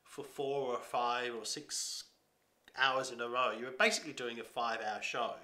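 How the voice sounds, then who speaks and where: A man's voice: mid-range voice, moderate pace, bright, forceful tone. Brief: male performer, chatty, self-deprecating, echoey room. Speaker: performer playing a museum character. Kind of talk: conversational interview.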